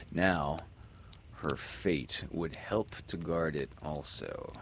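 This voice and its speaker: A man narrating a classic children's story aloud with an expressive, dramatic delivery. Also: deep voice, slight background noise.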